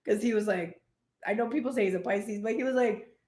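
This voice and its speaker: A woman giving a casual live tarot reading, chatty and animated, with frequent laughs and cheeky asides. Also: medium pitch, a little fast, reverberant. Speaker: tarot reader.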